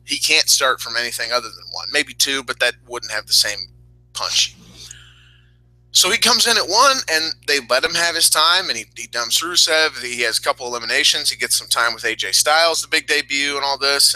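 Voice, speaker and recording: A man's voice: medium pitch, fairly quick, dry recording, poor audio. A man hosting a casual wrestling podcast, ranting with heat and frequent swearing. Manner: profane, heated, animated ranting. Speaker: podcast host.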